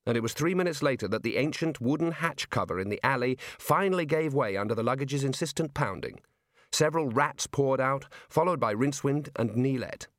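Dry, measured male storyteller. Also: mid-range voice, lively intonation, dry recording. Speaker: audiobook narrator. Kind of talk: scripted narration.

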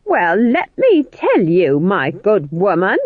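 Brief: bawdy old village witch, voiced by the narrator, snappish and shrill, lively pitch, tinny audio. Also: takes it slowly, dry recording, full character voice. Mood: sneering. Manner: sharp, snapping and shrieking in the quarrel. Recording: tinny phone-like audio, dry.

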